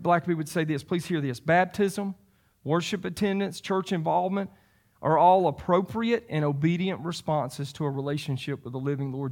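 A man in his fifties preaching a sermon, emphatic and repeating phrases for stress. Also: fairly high pitch. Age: 50s. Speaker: pastor.

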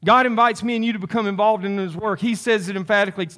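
A man's voice: sits high, fast, few pauses, fairly bright tone. A man in his fifties preaching a sermon, emphatic and repeating phrases for stress. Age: 50s. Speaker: pastor.

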